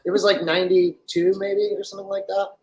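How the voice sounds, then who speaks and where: A man's voice: sits high, little pitch movement, fast, over a noisy crowd, rough recording. A middle-aged man from France, a guest telling long stories in a casual, rambling way, full of fillers. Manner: rambling, many fillers, acts out quoted voices. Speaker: interview guest. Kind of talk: casual storytelling interview.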